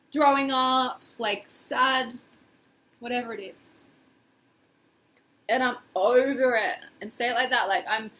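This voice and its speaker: A woman guiding a tapping exercise in a casual, expressive way, acting out feelings as she leads. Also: a little high. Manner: casual, expressive, acts out feelings in quoted phrases. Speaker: tapping session guide.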